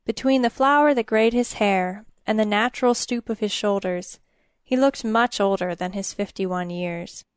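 A woman narrating a story in a measured, even storytelling manner. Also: mid-range voice, clean tone, dry recording, studio quality.

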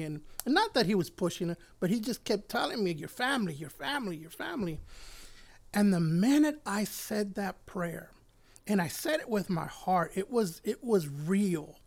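A man's voice: high voice, lively intonation, normal speed, vocal fry, darkish tone. A middle-aged man from Puerto Rico, a church elder and pastor, telling his personal faith testimony in an earnest, heartfelt way that turns emotional at moments.

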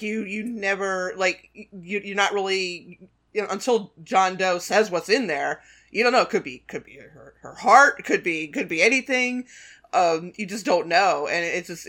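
A man's voice: high-pitched, moderate pace, bright, forceful tone. A man co-hosting a podcast, talking casually and animatedly about a film, with many restarts and fillers. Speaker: podcast co-host.

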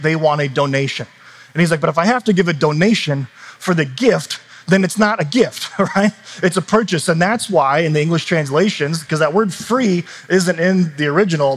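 A man in his thirties preaching in a church, telling stories in a loose, conversational way with laughs and asides. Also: on the high side. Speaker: pastor. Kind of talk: sermon.

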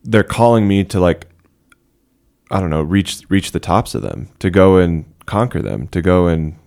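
A man's voice: deep voice, lively intonation, moderate pace, gravelly, a little mellow. A man co-hosting a casual discussion, speaking hesitantly as he searches for words. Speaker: podcast co-host.

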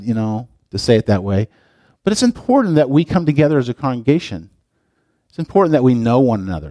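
A man's voice: mid-range voice, dark tone, dry recording. A man preaching a sermon as pastor, moving between reading scripture aloud and chatty, digressive asides to his congregation. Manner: reads scripture aloud with pauses and stresses. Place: church sanctuary.

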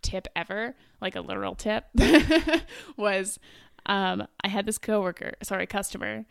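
Giggly young woman with a gravelly edge. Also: mid-range voice, a little slow. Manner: storytelling, giggly, lots of filler "like". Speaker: podcast co-host. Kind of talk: casual chat.

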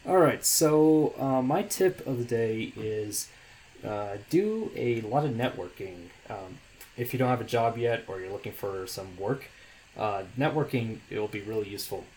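A man's voice: lowish voice, lively intonation, moderate pace, darkish tone, slight background noise. Young man chatting with many ums. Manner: hesitant, many fillers and restarts. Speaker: podcast co-host. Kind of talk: casual podcast chat.

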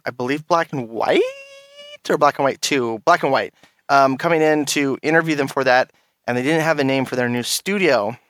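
A man's voice: medium pitch, fairly bright tone, clean tone, dry recording. A man hosting a casual gaming podcast, playful and rambling, full of fillers and restarts. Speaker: podcast host.

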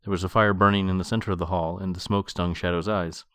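Deep-voiced man reading aloud, dry. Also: steady tone, quick pace, a bit bright, dry recording. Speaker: podcast host reading a novel aloud. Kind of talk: book reading and commentary.

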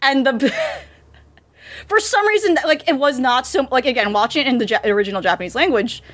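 A woman's voice: high-pitched, lively intonation, brisk, fairly bright tone. A woman co-hosting a podcast, chatting casually and rambling with many fillers and restarts. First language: English. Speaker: podcast co-host. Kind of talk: casual chat about anime dubs.

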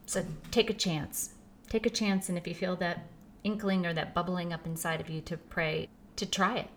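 A woman in casual conversation who speaks in a calm, encouraging way. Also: on the low side, moderate pace, a little hiss or hum. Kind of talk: casual chat.

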